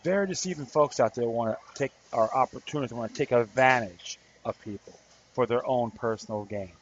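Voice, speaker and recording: A man's voice: medium pitch, fairly quick. Earnest rambling man podcasting. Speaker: podcast host and activist. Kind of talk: casual spoken monologue. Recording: slightly dull recording with faint background noise.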